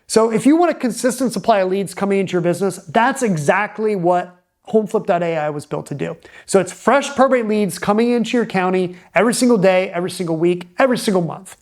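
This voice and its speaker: A man's voice: high voice, fast. A man who is a real estate investor, giving direct-to-camera advice in an emphatic, punchy coaching manner.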